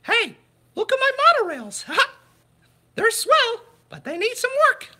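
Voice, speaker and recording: A man doing a falsetto impression of a gleeful, greedy cartoon mouse, giggling as he gloats. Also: very animated, a little slow, pushed and bright, full character voice. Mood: gleeful greed. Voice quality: high falsetto.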